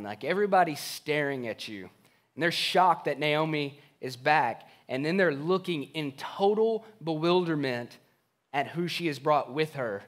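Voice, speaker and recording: Male pastor, slightly high voice, earnest sermon storyteller, modern plain retelling of scripture.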